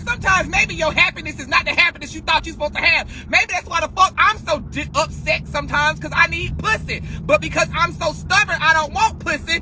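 The road rumbles and traffic sounds behind a very high-pitched man who hosts a livestream as he drives, talking into a phone mounted on the dashboard. His casual chat is loud, sassy and full of profanity, and he keeps addressing listeners as girl.

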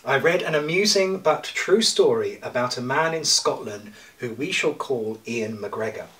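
A male priest preaching a sermon in a church, his bright voice heard from some distance. He speaks in a measured way, with pauses and light humour. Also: mid-range voice, animated.

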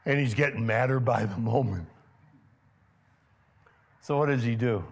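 A male pastor preaching a sermon in a church. He keeps asking his congregation questions and grows loud and emphatic when stirred. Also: medium pitch, measured pace, creaky, slightly rough. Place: church sanctuary.

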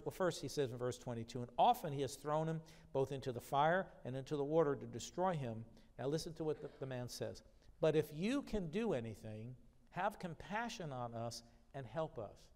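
A man preaching a sermon, reading scripture aloud with rising emphasis and then explaining it in a conversational way. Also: mid-range voice. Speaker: pastor. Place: church sanctuary. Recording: long church reverb.

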